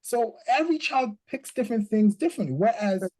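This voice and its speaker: Very high-pitched and fairly quick, this man speaks casually as a guest, code-switching as he goes. With lively storytelling, he acts out quotes from both parents and children, captured on a rough recording.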